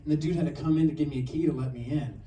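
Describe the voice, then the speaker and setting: A man doing a stand-up set, telling stories in an animated way and acting out other people's voices. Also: fairly high pitch, very fast, distant mic. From New Mexico. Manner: animated storytelling with acted-out voices. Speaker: stand-up comedian. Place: theater stage with audience laughter. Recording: roomy theater sound from afar, audience noise.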